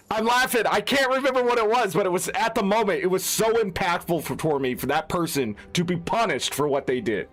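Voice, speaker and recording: A man's voice: high-pitched, lively intonation, normal speed, hardly any pauses, fairly bright tone, soft background music. A man who streams games, ranting in an unscripted, heated, profane way. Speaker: gaming streamer. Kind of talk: unscripted rant.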